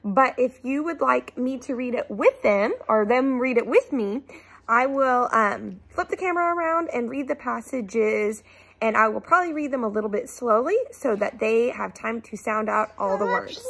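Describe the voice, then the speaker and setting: A woman teacher at home in her living room, explaining a reading activity to parents and reading short texts aloud very slowly and clearly. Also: a little high, fairly bright tone. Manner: reads story text very slowly and clearly, sounding out words.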